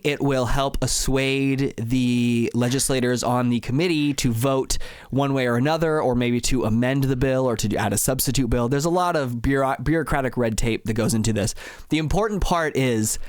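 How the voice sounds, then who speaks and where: A man co-hosting a podcast, explaining things in a measured, step-by-step way. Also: mid-range voice, clean tone, dry recording. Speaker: podcast co-host.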